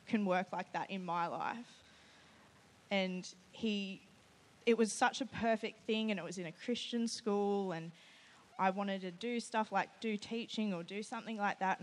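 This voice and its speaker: Woman, church testimony speaker, animated, self-quoting storyteller. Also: mid-range voice. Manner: animated storytelling, often quoting herself with "I was like"; nervous and laughing at times. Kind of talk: personal testimony to a live group.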